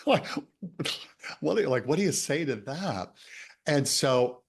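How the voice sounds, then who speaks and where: A man, a coach and author, telling a story in a casual conversation, animated and laughing often. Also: on the high side, measured pace, slightly rough.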